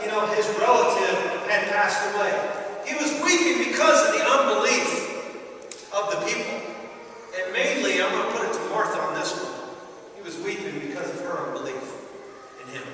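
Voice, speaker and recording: A man preaching a sermon as pastor of a chapel, emphatic and given to loud bursts. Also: fairly high pitch, slight background noise. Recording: roomy hall reverb from a distance.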